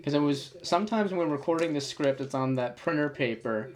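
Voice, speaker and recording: A man in his thirties co-hosting a casual video commentary, chatty and quick to laugh. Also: a little high. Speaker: co-host and video creator.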